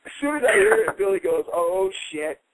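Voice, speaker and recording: A middle-aged man, a guest fighter, telling a story on a radio show with animated delivery, swearing and acting out the voices of others. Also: very high-pitched, fast, a little hiss or hum, rough recording. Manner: swears, acts out quoted voices. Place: radio studio.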